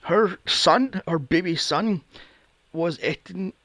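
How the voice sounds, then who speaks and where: A man's voice: high-pitched, slow pace, fairly bright tone, dry recording. A man hosting a casual film review podcast, sarcastic and swearing freely. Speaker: podcast host.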